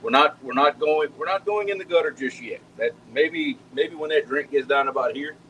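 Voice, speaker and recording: A man cooks at home during a live stream, folksy and talkative with his viewers and frequently repeating words as he goes. He has a fairly high, fairly bright voice at a moderate pace, and the lo-fi audio carries a bit of hiss or hum.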